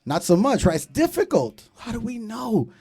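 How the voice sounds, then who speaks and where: Emceeing at a comedy club, this thirtysomething man ribs the audience loudly and with plenty of profanity. His high, husky voice has a sing-song lilt, and he speaks at a normal speed.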